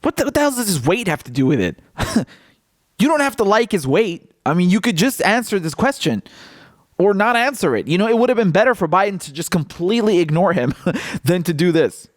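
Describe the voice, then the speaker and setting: A male political commentator in a casual vlog, talking in a mocking, animated way and laughing often. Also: sits high, a little fast, no room sound, studio quality.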